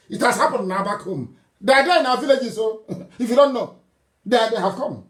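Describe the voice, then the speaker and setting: High-pitched man, fiery scolding. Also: animated, a little fast. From southeastern Nigeria. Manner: scolding and mocking, with scornful laughs and sudden outbursts. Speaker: political broadcaster. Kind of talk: fiery political broadcast. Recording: roomy echo.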